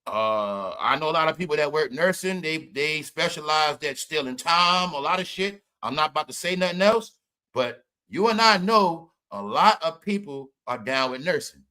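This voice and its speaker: A man's voice: fairly high pitch, expressive, normal speed, sharp tone. A man hosting a podcast livestream, ranting in casual commentary, profane and mocking, laughing often. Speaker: podcast host.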